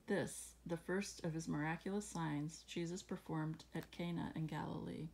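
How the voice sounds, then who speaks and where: A woman reading scripture aloud at home, then musing about it casually with fillers and soft laughs. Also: sits low, steady tone, moderate pace, gravelly, hardly any pauses, husky. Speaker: Bible reading channel host. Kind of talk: casual Bible reading and reflection.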